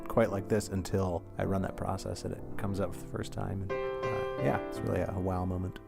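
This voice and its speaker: A man, an astrophotographer, answering interview questions in an earnest, slightly halting way. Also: low-pitched, level tone, creaky, over music. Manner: earnest, plain, a bit halting. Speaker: astrophotographer guest.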